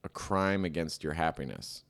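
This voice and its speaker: A man's voice: very deep voice, expressive, moderate pace, creaky, fairly bright tone. A young man co-hosting a comedy podcast, chatting casually and rambling with lots of "like.". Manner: rambling, heavy use of "like". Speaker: podcast co-host.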